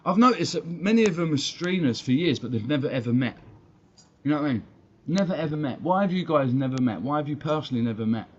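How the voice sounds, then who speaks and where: A man with an English accent, worked up and swearing freely as he rants to his live-stream chat. His voice sits at an ordinary middle pitch. The stream audio sounds dull and lo-fi, with faint noise behind him. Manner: blunt, profane, worked-up, talking to chat. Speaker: fan channel streamer. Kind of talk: heated live-stream rant.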